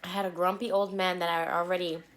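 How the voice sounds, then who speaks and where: A young woman vlogger telling a story to the camera between bites, animated and blunt, with the odd swear word. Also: on the low side, quick pace. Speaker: mukbang vlogger. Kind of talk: storytime chat while eating.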